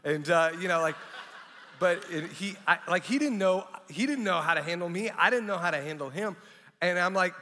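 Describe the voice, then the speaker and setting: Bright-voiced pastor in an echoing hall. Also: male voice, high voice, moderate pace. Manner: candid, animated storytelling with frequent restarts. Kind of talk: sermon with personal testimony. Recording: long reverb of a large hall.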